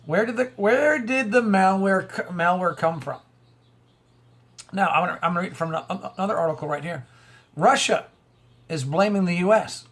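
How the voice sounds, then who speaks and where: Male vlogger, husky and raspy, rambling preachy commentary with rhetorical questions. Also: sits high, normal speed, fairly bright tone. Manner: rambling, stumbles and repeats words, rhetorical questions, chuckles. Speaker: online video host. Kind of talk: conspiracy and religious commentary monologue.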